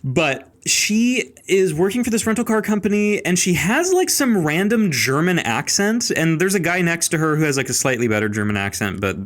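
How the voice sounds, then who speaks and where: Male podcast host, slightly high-pitched, blunt, profane ranter. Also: sing-song, normal speed, hardly any pauses, a bit bright. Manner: blunt, profane ranting with mocking impressions. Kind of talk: casual podcast chat.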